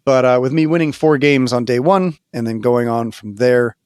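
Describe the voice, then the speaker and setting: A man co-hosting a gaming podcast in relaxed, casual chat. He tells stories with lots of fillers and laughter. His voice sits in the middle range and is recorded close and dry. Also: mid-range voice, normal speed, clear, resonant tone, no room sound. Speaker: podcast co-host.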